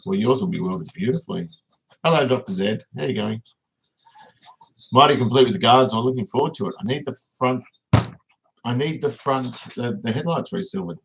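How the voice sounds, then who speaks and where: A man's voice: medium pitch, animated, brisk, creaky, pauses often, a bit bright, a little hiss or hum, low-quality recording. An Australian man hosting a casual livestream, rambling and reading viewers' comments aloud as he answers them. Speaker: livestream host.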